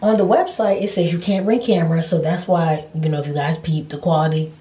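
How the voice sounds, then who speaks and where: A young adult woman vlogger telling a lively, slangy story-time rant to her viewers. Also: low-pitched, fairly quick, recorded from a distance. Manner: animated, slangy, addresses viewers as y'all. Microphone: phone. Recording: echoey room with faint noise.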